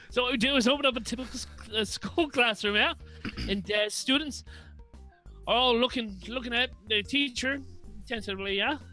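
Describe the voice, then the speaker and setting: A man's voice: very high voice, normal speed, long pauses, pushed and bright, faint music behind. A man improvising a brash, scheming young New Zealander with a put-on New Zealand accent, stammering and trading insults. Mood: blustery. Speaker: podcast co-host. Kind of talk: improvised comedy role-play.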